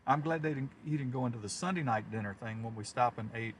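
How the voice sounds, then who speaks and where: Man, mid-pitched, loose rambling storyteller on a live chase stream, faint hum behind. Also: fast talker. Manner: chatty, rambling storyteller who chuckles often. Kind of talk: casual live-stream chat.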